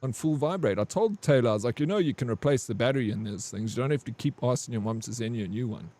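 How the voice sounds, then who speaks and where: A man's voice: mid-range voice, animated, fast, mellow. A man streaming a game, rambling and crude as he tells a long army story to his chat. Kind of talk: casual gaming stream storytelling.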